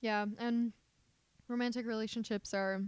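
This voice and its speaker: A woman co-hosting a podcast, chatting casually and easily. Her voice is smooth and clear. The sound is dry and close, with no room echo. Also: on the high side, steady tone, normal speed. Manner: chatty, uses "like" a lot. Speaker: podcast co-host. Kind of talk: casual chat.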